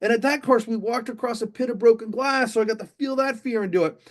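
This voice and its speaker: A middle-aged man, a motivational speaker, telling an animated story on stage and speaking straight to a live audience. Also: very high-pitched, quick pace. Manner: animated, addresses the audience directly.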